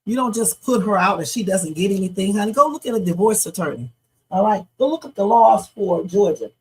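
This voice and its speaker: A middle-aged woman runs a casual reaction livestream with a slightly husky voice. She talks bluntly and with emphasis, answering her chat directly. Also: mid-range voice, expressive, fairly quick, darkish tone, rough recording.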